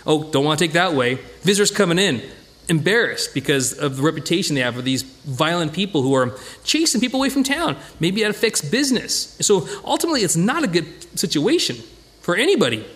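A man leading an informal Bible study, talking conversationally with lively acted-out asides and frequent restarts. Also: high-pitched, a little fast. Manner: conversational, animated, acts out quoted voices, many restarts.

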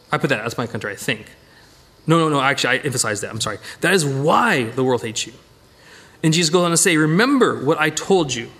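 Middle-aged male Bible teacher, high lively voice, animated, backtracks and self-corrects. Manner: animated, repeats phrases, self-corrects mid-sentence. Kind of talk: Bible study lesson with slides.

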